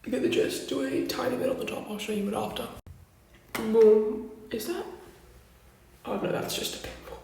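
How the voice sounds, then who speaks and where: In a very echoey room and well away from the mic, a young woman with a somewhat high, fairly quick, gravelly voice chats casually through a makeup tutorial. She's blunt and swears freely, with slight background noise behind her.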